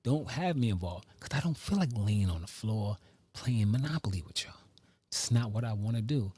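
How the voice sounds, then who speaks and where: Animated man telling stories, dry sound. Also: normal speed, breathy edge, dry recording. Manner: animated, with sudden pitch jumps and hushed asides. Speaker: vlogger; father. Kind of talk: casual storytelling monologue.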